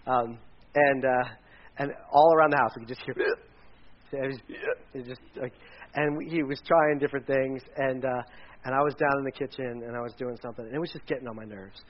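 A man's voice: medium pitch, fairly even intonation, brisk. A man, a pastor, giving a casual, conversational sermon, rambling with restarts and side stories. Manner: chatty, rambling with restarts and asides. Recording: dull lo-fi recording.

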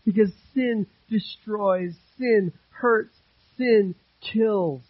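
High-voiced husky pastor preaching earnestly. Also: male voice, very slow, no room sound, phone-quality sound. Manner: earnest, repeats phrases for emphasis, swings between loud and hushed. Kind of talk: sermon.

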